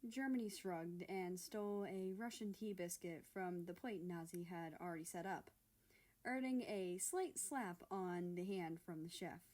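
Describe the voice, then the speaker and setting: A woman's voice: fairly low pitch, a little slow. Woman reading fan fiction aloud. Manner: steady storytelling narration.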